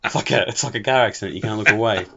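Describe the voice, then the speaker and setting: A man's voice: fairly low pitch, racing, creaky, fairly bright tone. A man hosting a casual podcast chat with his father, teasing him with wry asides. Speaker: podcast host. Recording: dull lo-fi recording.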